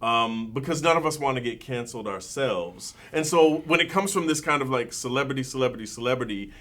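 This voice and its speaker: A man's voice: medium pitch, animated, normal speed, sharp tone. A man speaking earnestly and reflectively as a panelist in a casual discussion. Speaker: podcast panelist.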